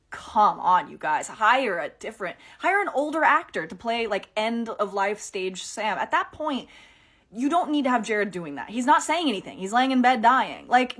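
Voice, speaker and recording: A woman ranting in a casual opinion vlog, exasperated and swearing often, with sudden loud outbursts and quieter subdued stretches. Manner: swings between animated outbursts and low, subdued stretches. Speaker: TikTok creator reviewing a TV finale.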